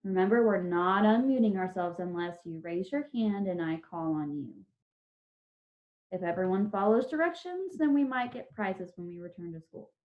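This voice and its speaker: A woman's voice: mid-range voice, expressive, normal speed. A woman teacher giving a patient, step-by-step spelling lesson to children over a video call, sounding out each syllable and letter. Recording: dull lo-fi video call audio.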